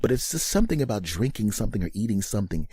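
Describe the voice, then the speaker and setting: A man's voice: fairly low pitch, big pitch swings, racing, warm tone, breathy edge, no room sound, studio quality. A man voicing a chatty middle-aged auntie who rambles with lots of ums, as a comedy sketch voice. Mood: disgusted.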